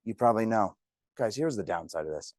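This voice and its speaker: A man's voice: lowish voice, lively intonation, a little fast, darkish tone, no room sound, clean studio sound. A man teaching a real estate class, telling joking stories to the room. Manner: jokey, storytelling. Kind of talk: classroom talk.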